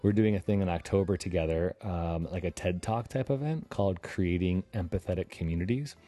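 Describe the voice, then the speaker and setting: A male podcast host with a fairly low voice chats in a loose, upbeat way. He jokes a lot and breaks off into quick asides. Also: warm tone. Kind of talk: casual chat.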